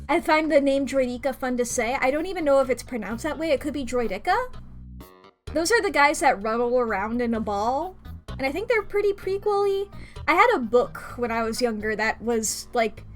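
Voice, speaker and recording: A woman's voice: high-pitched, expressive, normal speed, faint music behind. A young woman streaming a video game, rambling casually and laughing often. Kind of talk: casual gameplay chat.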